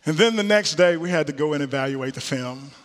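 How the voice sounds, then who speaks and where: High-voiced middle-aged man preaching in a hall. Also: animated, a little fast. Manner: earnest, repeats key phrases for emphasis. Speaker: preacher, former football player. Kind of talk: sermon with personal story.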